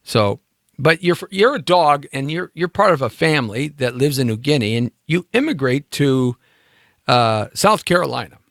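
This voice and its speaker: A man hosts a live show and wanders from thought to thought with fillers and little jokes. His pitch swings widely as he talks. The sound is dry and close. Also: lively intonation, moderate pace, vocal fry, a bit bright, no room sound. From United States. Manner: musing, meandering, jokey with many fillers. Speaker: talk show host. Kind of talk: rambling live-stream monologue.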